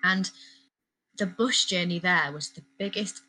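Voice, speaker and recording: A woman's voice: lowish voice, measured pace, pushed and bright, poor audio. A young woman from the Nottingham area, chatting supportively about anxiety and everyday life. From Nottingham area, England. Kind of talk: casual chat.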